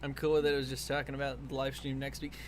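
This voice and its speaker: A man live-streaming as he draws, talking casually in a rambling, jokey way with sudden excited outbursts. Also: mid-range voice, very fast, a loud crowd. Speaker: streamer and artist. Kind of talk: casual live-stream chat while drawing.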